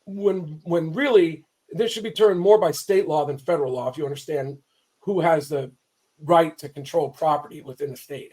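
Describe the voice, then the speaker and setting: With a voice that's a little high and a little mellow, a man offers passionate commentary, emphatic and fired up, repeatedly cutting himself off and restarting. He's a real estate attorney based in Southern California.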